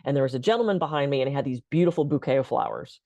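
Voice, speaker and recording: A woman's voice: rumbling low, lively intonation, racing, mellow, no room sound, pitched below the performer's own voice. A woman voicing a friendly store clerk in her own voice as she retells a chat. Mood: earnest.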